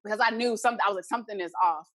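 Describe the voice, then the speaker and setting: A woman's voice: mid-range voice, racing, a bit bright, no room sound. A young adult woman, a podcast guest, earnestly telling a personal story and acting out the remembered dialogue.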